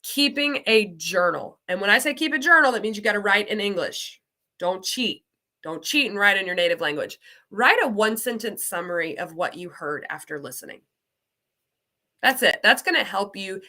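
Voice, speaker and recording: Woman, light Southern American accent, bright clear tone, chatty exclamatory teacher, online class talk. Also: mid-range voice, lively intonation, normal speed. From Southern United States. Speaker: ESL program coordinator.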